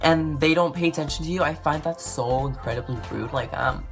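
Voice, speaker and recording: A woman with a low voice rants casually to camera, rambling and exasperated. She fills her talk with "like" and swings from loud outbursts to muttering. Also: fairly quick, vocal fry, hardly any pauses, faint music behind. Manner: exasperated, rambling, says "like" a lot. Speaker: vlogger.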